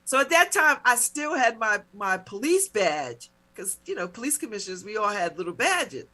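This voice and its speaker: Animated bright-voiced woman telling a story. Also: mid-range voice, moderate pace. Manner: animated, laughing, mock-indignant retellings. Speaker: radio talk show host. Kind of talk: casual storytelling.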